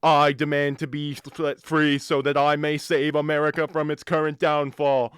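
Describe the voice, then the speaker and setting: A young man voicing the pompous ghost of a late male US president, talking loudly and slowly with grand oratory and an oddly British-sounding delivery, into a studio microphone. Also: a little high, level tone, smooth, no echo, soft background music, pitched above the performer's own voice, close to an everyday voice. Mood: grandiose. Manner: loud, slow, grandiose oratory. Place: radio studio.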